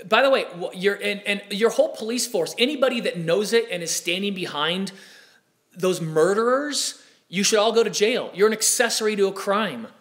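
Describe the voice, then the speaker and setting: A young man hosts a live talk show. He speaks with heated, animated energy and keeps breaking off into asides. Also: sits high. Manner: impassioned, animated, with frequent asides.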